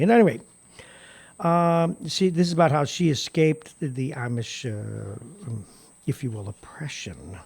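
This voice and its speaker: A man's voice: mid-range voice, creaky, a little mellow. A middle-aged man hosting a morning radio talk show, delivering an indignant, sarcastic monologue and chuckling at his own jokes. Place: radio studio. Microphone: studio microphone.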